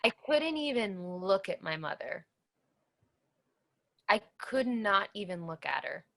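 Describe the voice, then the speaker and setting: A woman's voice: mid-range voice, sing-song, measured pace, vocal fry, fairly bright tone. A woman giving an earnest personal testimony in an interview, telling her story emphatically and repeating phrases for weight. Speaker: cancer survivor guest.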